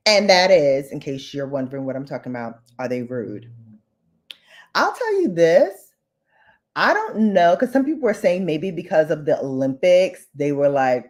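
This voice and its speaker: A woman from the Bronx with a New York accent chats at a relaxed, unhurried pace while she does her makeup. Her voice sits low for a woman, but she often leaps up into high, animated bursts. She talks playfully and directly to her viewers. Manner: chatty, playful, addresses viewers as babes; animated with sudden high pitch jumps. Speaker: beauty vlogger. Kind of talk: casual chat while doing makeup.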